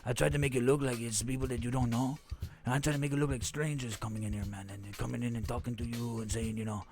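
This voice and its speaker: A man's voice: mid-range voice, steady tone, fast talker, a little mellow, faint music behind, natural voice. A man doing an easygoing bro buddy. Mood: earnest. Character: laid-back male buddy, young adult.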